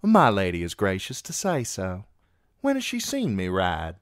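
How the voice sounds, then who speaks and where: A man voicing a courteous, guarded young knight in a measured, polite way. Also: low-pitched, huge pitch swings, no room sound, studio quality, exaggerated voice.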